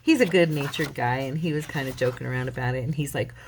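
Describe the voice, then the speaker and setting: A woman with a notably low voice chats casually while crafting, rambling through a story with plenty of restarts. Steady background noise and clicking sounds run under her voice. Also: fast talker. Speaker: crafting channel host.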